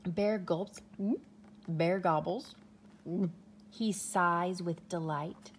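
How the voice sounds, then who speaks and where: Slow gentle woman reading a picture book. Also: lowish voice, steady tone, a little hiss or hum. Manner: gentle, drawn-out read-aloud with soft whispers. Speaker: storytime reader.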